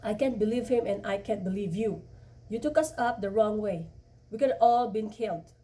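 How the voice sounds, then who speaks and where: A woman voicing a teenage girl who is beside herself with anger and shouts accusations, read from a novel. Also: mid-range voice, moderate pace, natural voice, poor audio. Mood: outraged.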